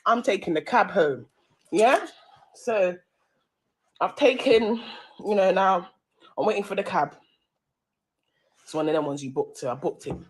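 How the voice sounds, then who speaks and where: A woman's voice: medium pitch, expressive, unhurried, long pauses. A woman with a London accent, hosting a live-stream radio show, telling a heated story full of slang and swearing.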